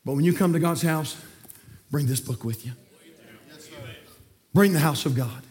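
A man preaching a fiery sermon, folksy and repetitive, swinging from quiet talk to shouting. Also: a little high, measured pace. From North Carolina, USA. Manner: folksy, repeats words. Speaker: pastor.

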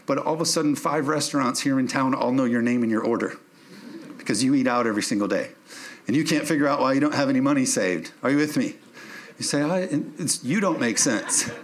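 A man's voice: medium pitch, fairly quick. A man preaching from a church pulpit, his voice sitting in an ordinary middle register. He reads scripture, then builds into emphatic, rising calls and asides that draw answers from the room. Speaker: pastor. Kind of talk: sermon.

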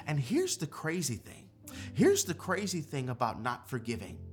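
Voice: medium pitch, a bit bright, husky. A preacher delivering a dramatic sermon, repeating key lines and rallying the congregation to join in.

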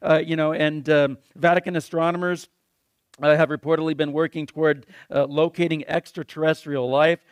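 A man's voice: a little high, flat delivery, normal speed, clean tone, no echo. Rambling Christian talk-show host, man. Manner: rambling, repeats words, exclaims "crazy". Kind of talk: casual conversational preaching.

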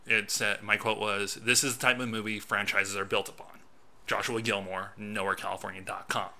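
Bright-voiced man telling a story. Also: fairly low pitch, normal speed. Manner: animated storytelling, acts out his own reactions. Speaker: podcast co-host and film critic. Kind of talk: casual podcast chat.

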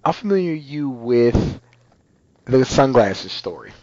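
A man's voice: mid-range voice, unhurried, no room sound, dull audio. A man telling a story in casual chat, acting out the people in it. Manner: animated storyteller, acts out voices.

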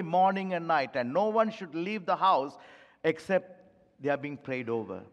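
Impassioned high-voiced pastor preaching in a hall. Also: male voice, expressive, unhurried. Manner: impassioned, pleading, repeats phrases for emphasis. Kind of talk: sermon. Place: church. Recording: long reverb of a large hall.

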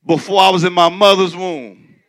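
A man preaching a sermon as pastor, in a loose conversational way, who acts out doubters in a shrill mocking voice. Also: steady tone, normal speed, a bit bright. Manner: conversational preaching, mimics skeptics in a high squeal.

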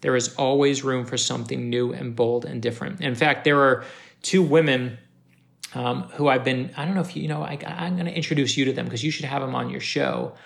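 A man from Florida with a gravelly, fried edge, talking emphatically in an interview. He hammers home his points by repeating them and acts out the dialogue when he tells a story. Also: mid-range voice, fairly quick. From North Miami Beach, Florida. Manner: emphatic, repeats key phrases for punch; animated storyteller acting out dialogue. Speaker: author guest. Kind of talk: motivational interview talk.

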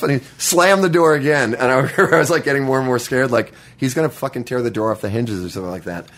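A man telling a childhood story in a casual chat, halting and restarting often and swearing freely. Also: mid-range voice, fairly bright tone. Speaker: guest.

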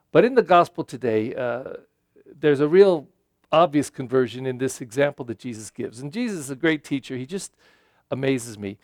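A man's voice: fairly high pitch, darkish tone, no echo, studio quality. A pastor in his seventies giving a Sunday homily in a conversational, folksy way, with frequent fillers.

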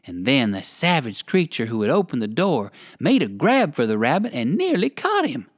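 An expressive narrator reading a children's story aloud. The pitch swings very widely, and the voice is close and dry. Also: moderate pace, hardly any pauses, no echo. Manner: expressive, sing-song.

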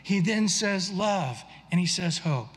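A man's voice: high-pitched, animated, slow pace, husky, long reverb tail. A man preaching a sermon in an earnest, conversational way, often restarting his sentences. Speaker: pastor.

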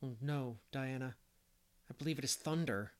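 A man's voice: medium pitch, normal speed, natural voice. A man voicing an imaginative, talkative young girl who speaks earnestly and fancifully.

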